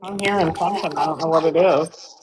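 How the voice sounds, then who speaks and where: A woman's voice: sits low, steady tone, fairly quick, noisy background. A woman on a live stream reacting with short, casual remarks.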